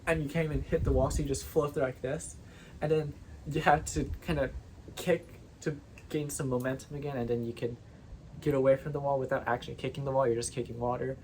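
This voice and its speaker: Casual vlogger, rambling monologue, tangents, playfully indignant, mid pitch, faint background hiss. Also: steady tone, a little fast, darkish tone.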